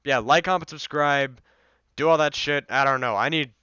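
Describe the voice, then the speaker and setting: A male YouTuber with a slightly sore throat, rambling through his outro in a bright, smooth, casual voice. The home recording is dry and a bit dull. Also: a little high, normal speed, no echo. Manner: rambling, loose, casual swearing. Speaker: YouTuber reading a fan comic.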